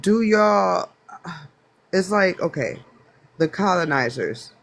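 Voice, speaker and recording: A man from the United States speaking on a phone in a live online panel debate, halting and hedging, with many restarts. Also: sits high, animated, gravelly, a bit bright. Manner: halting, full of restarts and self-doubt. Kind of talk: casual debate.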